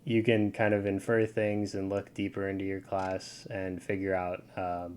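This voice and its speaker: A man's voice: low voice, monotone, normal speed, a little mellow, slight background noise. A man giving a casual screen-share tutorial, talking loosely with lots of fillers over his screen. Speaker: video game guide creator.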